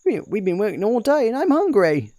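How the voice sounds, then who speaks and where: A man's voice: sits high, very animated, fairly quick, darkish tone, no room sound, voice pushed up. A man putting on a whiny Cockney servant girl. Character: cheeky hungry young woman servant.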